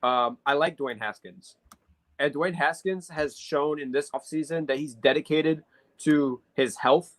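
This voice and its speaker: A man's voice: fairly high pitch, a little slow, rough recording. A man co-hosting a casual sports podcast, analyzing football matchups at length with frequent fillers. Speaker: podcast co-host.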